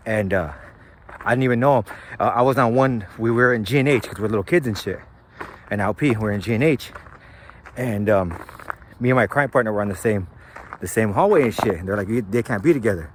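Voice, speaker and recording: A man's voice: mid-range voice, slight background noise. A man telling a story from his own life in a loose, slangy, profane way. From San Gabriel Valley, California. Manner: laid-back, slangy and profane, loose rambling delivery. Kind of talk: casual storytelling monologue.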